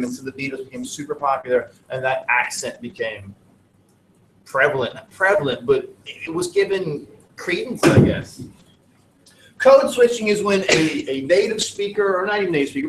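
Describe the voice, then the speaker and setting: A man's voice: fairly high pitch, noisy background. A man from the United States teaching a class, lecturing in a chatty, jokey, digressive way. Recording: roomy classroom audio from a distant mic.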